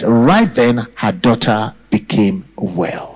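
A man's voice: fairly high pitch, sing-song, a little slow, fairly bright tone, poor audio. A man preaching a sermon to a congregation, repeating phrases for emphasis and calling for responses. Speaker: pastor. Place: church.

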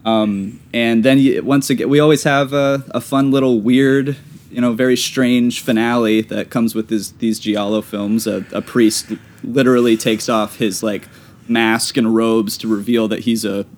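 A man's voice: mid-range voice, steady tone, measured pace, a little mellow. A man co-hosting a film podcast, talking casually and with easygoing enthusiasm. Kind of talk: casual film review chat.

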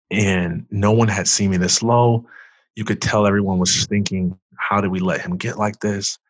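A man, a former athlete and author, earnestly telling his personal story as a guest, loose and full of "like", turning loud when he acts out past outbursts. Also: low voice, husky, dry recording. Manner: earnest, loose, heavy use of "like".

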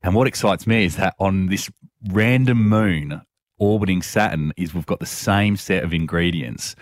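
A man's voice: sits low, no room sound. A man chatting as a guest, hesitant with many restarts, enthusiastic about space. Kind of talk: casual chat.

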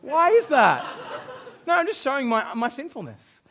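A man's voice: extremely high pitch, moderate pace. A young Australian man preaching a sermon as pastor, joking and acting out quoted voices. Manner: jokey, animated, acts out quoted voices.

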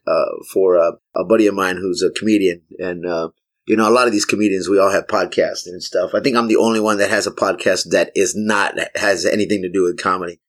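A man's voice: low-pitched, brisk. A man in his forties co-hosting a podcast, telling stories with energy and acting out other people's lines. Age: 40s. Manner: animated storyteller, acts out other people's lines. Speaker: podcast co-host. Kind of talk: casual chat.

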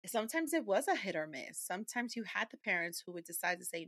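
Bright, forceful woman host. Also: mid-range voice, quick pace. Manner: expressive, says "right?" a lot. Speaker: podcast host. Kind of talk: casual podcast chat.

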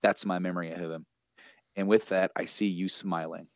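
A grieving, angry widow, her lines read by a man. The delivery stays low and quiet, with a close, dry sound. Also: little pitch movement, moderate pace, no room sound. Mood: bitter.

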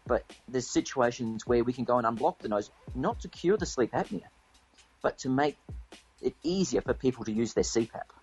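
A man's voice: medium pitch, expressive, normal speed, a little mellow, soft background music, poor audio. A man as a medical guest, patiently explaining with simple comparisons. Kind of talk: explaining to an interviewer.

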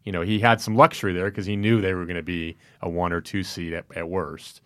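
A man discussing basketball in a measured way and asking his co-host questions. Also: low-pitched, level tone, a bit bright, clean tone. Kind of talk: casual sports discussion.

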